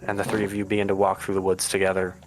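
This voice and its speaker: A man narrating a tabletop game as game master, descriptive and pausing. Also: low voice, completely flat delivery, faint music behind, poor audio.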